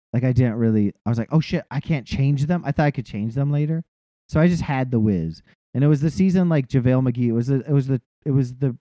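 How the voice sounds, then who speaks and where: A man's voice: medium pitch, dark tone, no room sound, lo-fi sound. A man from the Boston area co-hosting a sports podcast, ranting with lots of swearing and laughing through his words. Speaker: podcast co-host. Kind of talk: casual sports chat.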